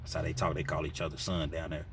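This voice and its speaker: A man's voice: extremely low pitch, fast talker, slight background noise. A man telling a story in a casual, slangy way, acting out what people said. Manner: animated, slangy, acts out quotes.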